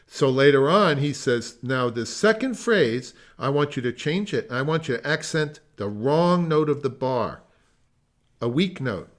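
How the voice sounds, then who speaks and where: Over a video call, a man leads a music masterclass in a mid-range voice with lively intonation and a measured pace. He explains at length, wanders into asides, and sings phrases to demonstrate his points.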